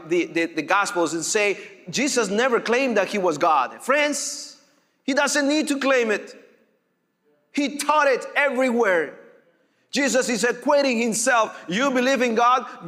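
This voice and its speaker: A man preaching a sermon as pastor, emphatic and deliberate, repeating his key phrases. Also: sits high, fairly bright tone, in a large hall.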